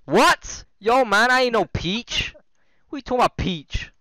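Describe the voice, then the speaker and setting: Man doing a squeaky Mario voice. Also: lively intonation, unhurried, sharp tone, no room sound, exaggerated voice, rough recording. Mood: goofy. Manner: high squeaky exclamations. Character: goofy cartoonish plumber hero, adult male.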